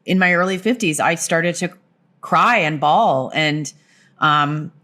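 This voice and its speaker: A woman in her fifties, a company founder, talking openly as a podcast guest with expressive delivery. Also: deep voice, takes it slowly. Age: 50s. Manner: expressive, swooping intonation. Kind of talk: casual conversation.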